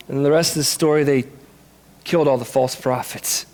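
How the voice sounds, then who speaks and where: A man's voice: high voice, moderate pace. A man preaching a sermon in a church, earnest and candid, speaking openly of his own struggles. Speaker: pastor. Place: church sanctuary.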